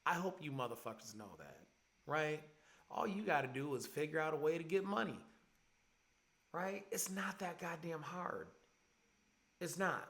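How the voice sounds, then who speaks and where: A man's voice: on the high side, a little slow, long pauses, a bit bright. A man in his forties hosting a podcast, ranting in heated, profane commentary. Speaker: podcast host. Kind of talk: angry commentary monologue. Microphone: podcast mic.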